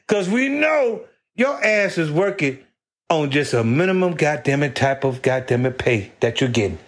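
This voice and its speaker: A man's voice: high voice, lively intonation, moderate pace. A man telling a rambling, profane comedy story about his old job, swearing constantly and laughing as he talks. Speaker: stand-up storyteller.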